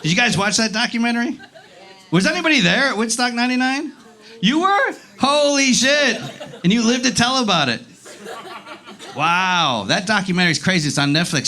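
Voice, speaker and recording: Bright, high-pitched ranting stand-up comic man. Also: slight background noise. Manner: profane, exasperated ranting with crowd banter. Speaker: stand-up comedian. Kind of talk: live stand-up comedy set. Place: comedy club stage.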